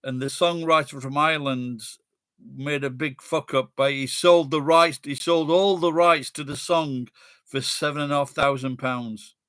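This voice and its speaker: This middle-aged man from Sheffield, England, with a Sheffield accent, rambles in casual chat with friends and swears bluntly. His voice is fairly high and bright with fairly even intonation at a normal speed, and the clean studio recording has no room sound.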